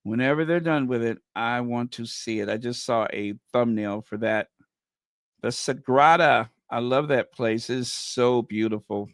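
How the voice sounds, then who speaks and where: A man hosting a channel, chatting casually in a rambling, halting way full of fillers. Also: mid-range voice, clean tone, no echo. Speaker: channel host reacting to a clip. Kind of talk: casual chat.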